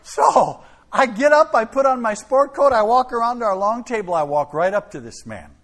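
A middle-aged man preaching, telling a story in an animated, dramatic way. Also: extremely high pitch, moderate pace. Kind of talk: sermon storytelling. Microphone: filmed by a camera operator.

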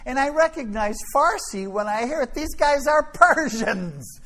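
A man's voice: very high-pitched, animated, a little slow, fairly bright tone, pitched above the performer's own voice, exaggerated voice. A man quoting his bold, polite wife in a slightly raised voice. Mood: polite, curious. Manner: politely inquisitive, lightly raised voice. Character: bold, polite grown woman, the speaker's wife.

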